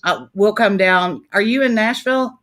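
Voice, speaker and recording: A woman hosting a casual interview over a video call. Her middle-pitched voice comes across as effusive and friendly, with easy laughter between her words. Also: moderate pace. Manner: warm, effusive, laughs easily. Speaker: interview host.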